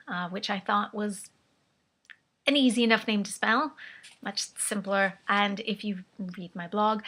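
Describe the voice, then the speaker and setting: A woman's voice: mid-range voice, bright, forceful tone. A woman vlogging in a rambling, chatty way, often laughing at herself, with a vaguely British put-on accent. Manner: rambling, chatty, self-amused with frequent laughs. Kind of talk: casual chat.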